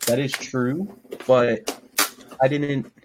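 Reading texts aloud on his laid-back podcast, this young male host speaks at medium pitch with a steady tone and drawn-out words, with background noise behind him. He curses a lot and frequently breaks off to start sentences over.

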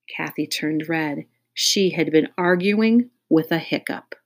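A woman's voice: low-pitched, slow pace, hardly any pauses. A woman reading a children's audiobook aloud in a playful way, speaking directly to young listeners. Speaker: audiobook reader.

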